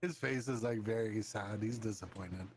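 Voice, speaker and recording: A man's voice: on the low side, normal speed, slight background noise. A man playing a tabletop game, talking in an amused, joking way. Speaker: player. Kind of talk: casual tabletop play.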